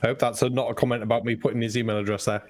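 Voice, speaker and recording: A man's voice: mid-range voice, flat delivery, racing, a little mellow. Chatty man hosting a poker stream. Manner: chatty, explains things step by step. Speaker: host and poker dealer. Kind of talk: casual live-stream chat.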